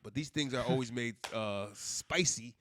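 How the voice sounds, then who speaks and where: A man's voice: mid-range voice, normal speed, a bit bright, a little hiss or hum. A man cohosting a podcast, telling loose, profane stories in casual chat. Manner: loose, profane storytelling with laughs and restarts.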